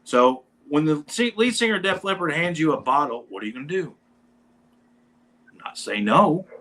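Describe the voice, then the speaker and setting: A man with a voice a touch higher than most, telling a long story as a guest on a talk show. He keeps it casual and animated and slips into the voices of the people in it. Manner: animated storyteller who acts out quoted lines.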